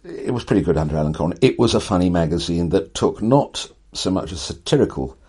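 Older guy with a really deep husky voice, wry and eloquent, telling stories in an interview. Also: lively intonation, brisk, darkish tone. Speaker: writer, interview guest. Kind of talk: animated conversational storytelling.

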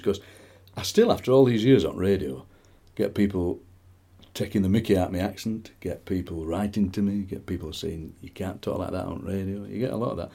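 A man's voice: on the low side, warm tone, husky. A man in his sixties with a Yorkshire accent, a poet reading and chatting in a rambling, anecdotal way with chuckling asides. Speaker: poet and radio presenter. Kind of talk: poetry reading and chat.

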